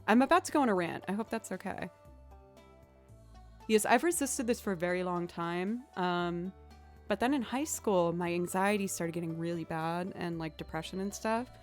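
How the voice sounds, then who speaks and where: A woman's voice: fairly low pitch, normal speed, faint music behind. A young woman streaming, chatting casually with viewers in a rambling way, with lots of "like" and "um".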